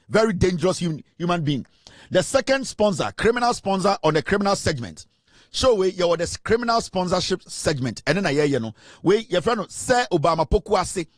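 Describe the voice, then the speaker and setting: A Ghanaian man hosting a political commentary show, talking in an animated, mocking way and mixing in Twi. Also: high voice, no echo, studio quality. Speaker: host.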